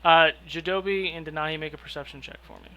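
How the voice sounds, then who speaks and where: A man narrating as game master of a tabletop game, explaining scenes and rules in a relaxed way. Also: fairly high pitch, quick pace, very noisy.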